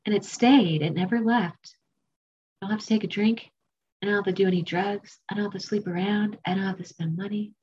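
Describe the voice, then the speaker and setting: A woman's voice: medium pitch, darkish tone, muffled recording, slight background noise. A woman giving a candid, emotional recovery testimony at a meeting, often self-mocking.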